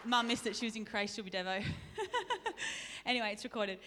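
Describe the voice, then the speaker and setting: A woman's voice: mid-range voice, fairly even intonation, brisk, noisy background. A woman preaching a sermon in a church, chatty and self-deprecating, laughing often. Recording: reverberant church hall.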